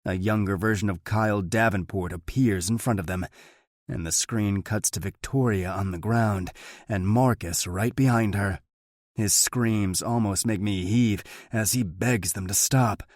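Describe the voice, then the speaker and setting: A man narrating a thriller audiobook in the first person, steady and measured. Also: on the low side, no echo, clean studio sound.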